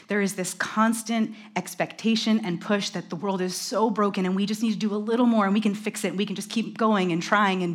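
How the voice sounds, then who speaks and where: A woman delivers a conversational sermon. She talks fast and animatedly and drops in quick self-deprecating asides. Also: fairly low pitch. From New York. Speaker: preacher.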